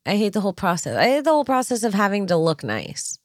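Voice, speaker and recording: A woman's voice: mid-range voice, very animated, fast, dry recording, studio quality. A woman co-hosting a casual podcast chat, telling stories with swearing and acted-out quotes. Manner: swearing, storytelling, acts out quotes. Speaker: podcast co-host.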